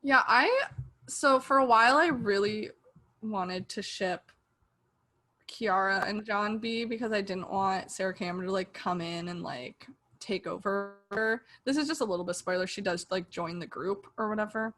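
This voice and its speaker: This young woman, co-hosting a podcast, speaks at normal speed in a sharp-toned, mid-range voice. She's reviewing a TV show in a casual chat, animatedly retelling an episode and acting out how she reacted.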